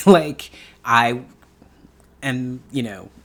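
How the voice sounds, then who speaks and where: A woman's voice: very deep voice, drawn-out words. A middle-aged woman from New York talking casually in a vlog, chatty and emphatic, laughing often and repeating herself for effect. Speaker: beauty YouTuber.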